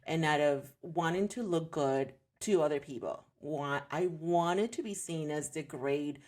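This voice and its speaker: Speaking at a measured pace in a low voice, a thirtysomething woman shares her story on a podcast. She homeschools her kids, and her tone is earnest and introspective, though she becomes animated when quoting others.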